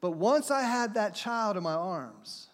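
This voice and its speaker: A man's voice: sits high, lively intonation, measured pace. A middle-aged man preaching a sermon as pastor, talking conversationally, slipping into playful acted voices and laughing along with his points. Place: church sanctuary. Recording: long hall reverb.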